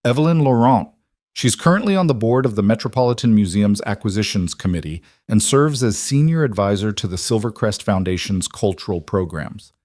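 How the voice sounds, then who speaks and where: A man voicing a contrite businessman who keeps his voice steady and even. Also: fairly low pitch, fairly quick, no room sound, studio quality. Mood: steady contrition. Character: contrite businessman husband, middle-aged, steady.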